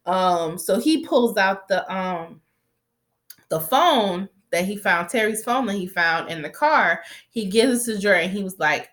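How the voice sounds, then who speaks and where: A woman's voice: fairly low pitch, measured pace. Chatty, swearing woman recapping a show. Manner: chatty, animated, swears freely, quotes characters. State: stuffy nose from allergies. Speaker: TV recap vlogger. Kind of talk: casual recap review.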